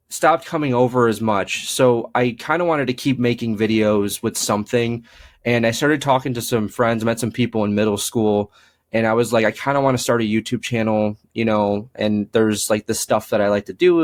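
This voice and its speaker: A young man, a paranormal investigator, telling stories in a casual interview, with lots of fillers and acted-out quoted lines. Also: mid-range voice. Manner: rambling, frequent fillers, acts out quoted dialogue.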